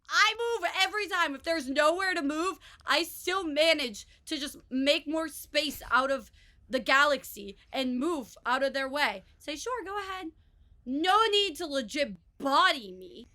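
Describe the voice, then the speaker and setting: Bright-voiced young woman, sarcastic. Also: sits high. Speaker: podcast co-host. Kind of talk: casual chat.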